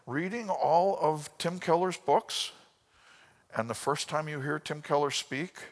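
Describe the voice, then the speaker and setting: A man's voice: on the high side, measured pace. A man teaching a sermon from an outline, telling stories and acting out the people he quotes. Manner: storytelling, voices quotes, drops to a whisper. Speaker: Bible teacher. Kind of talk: lively sermon with anecdotes. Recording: long hall reverb.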